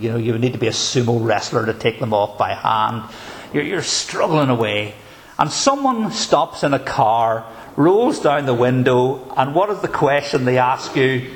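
A man preaching a sermon in an earnest, measured way, asking probing rhetorical questions. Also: mid-range voice.

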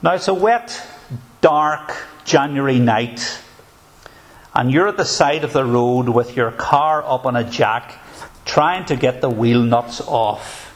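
A man preaching a sermon in an earnest, measured way, asking probing rhetorical questions. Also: medium pitch.

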